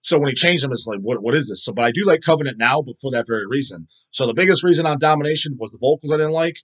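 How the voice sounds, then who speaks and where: A man with a husky, somewhat breathy voice at an ordinary pitch rants casually about music on his own show. He talks bluntly, swears constantly and rambles through restarts and asides. He is recorded on a phone. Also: expressive, rapid-fire, fairly bright tone. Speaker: host answering viewer questions. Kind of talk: casual profane rant.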